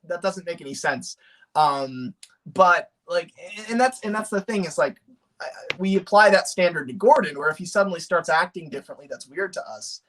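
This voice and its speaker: A man chatting casually on a livestream, rambling and animated, with many fillers and restarts. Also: high-pitched, fairly quick. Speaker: streamer.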